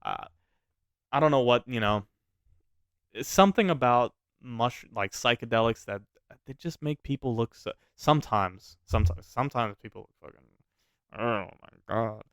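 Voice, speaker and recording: Smooth-voiced man telling a wild story. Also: medium pitch, moderate pace, no echo, clean studio sound. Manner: animated, swearing freely, restarting sentences. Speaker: vlogger telling a personal story. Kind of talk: casual storytime monologue.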